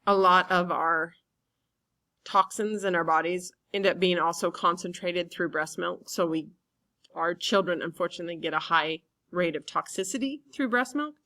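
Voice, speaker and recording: A woman teacher giving a relaxed classroom lecture, chatty and full of fillers. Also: on the low side, moderate pace.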